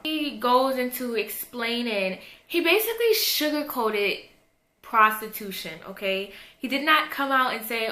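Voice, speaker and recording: A woman's voice: fairly high pitch, animated, a little slow, pushed and bright, echoey room. A young woman telling a personal story in a chatty, slangy, candid storytime vlog. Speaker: vlogger. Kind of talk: casual storytime.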